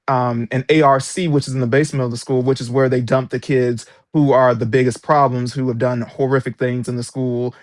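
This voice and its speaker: An author who once worked as a substitute teacher recounts his experiences as an interview guest, telling his story with emphatic, indignant energy. His medium-pitched voice comes through clean studio sound with no room sound.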